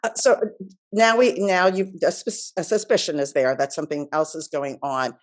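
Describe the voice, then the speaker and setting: A woman interviewing a patient, asking questions in a sympathetic, somewhat halting way. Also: sits low, expressive.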